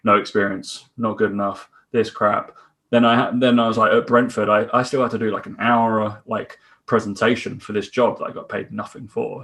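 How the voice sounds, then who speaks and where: A man's voice: fairly low pitch, fairly bright tone. A man co-hosting a fitness podcast, chatty, telling anecdotes and acting out the lines of the people in them. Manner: chatty anecdotes, acts out quoted dialogue. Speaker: podcast co-host, fitness coach. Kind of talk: casual podcast chat.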